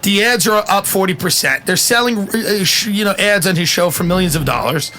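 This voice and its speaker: High bright-voiced male podcast host. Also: a little hiss or hum. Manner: animated, profane, joking, quick questions. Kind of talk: casual podcast chat.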